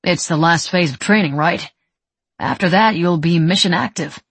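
A friendly young man in training who teases easily, voiced by a woman narrator, sitting low in pitch with a husky edge. The read is dry and close, a relaxed storybook voice that jokes its way along. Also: moderate pace, no room sound. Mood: easygoing. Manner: easygoing, joking. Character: wry male military trainee, friendly and teasing.

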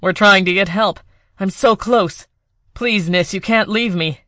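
A woman's voice: medium pitch, a little slow, sharp tone, no room sound, clean studio sound. A woman doing a frantic young man. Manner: urgent and begging.

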